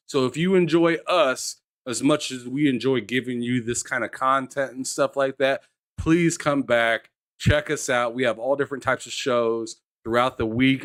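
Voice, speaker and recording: A man's voice: medium pitch, no room sound, clean studio sound. A man co-hosting a gaming news show, talking in a loose, slangy way and repeating words as he gets going. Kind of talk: casual chat.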